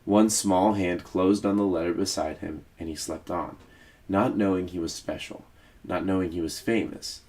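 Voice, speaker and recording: A man, a teacher, reading a children's book aloud in a steady, measured storytelling voice. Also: sits low.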